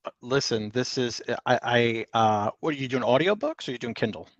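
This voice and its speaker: A man's voice: mid-range voice, brisk, no echo, dull audio. Chatty man reading viewer comments. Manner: chatty, joking, reads viewer comments aloud. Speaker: livestream co-host. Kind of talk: casual livestream chat.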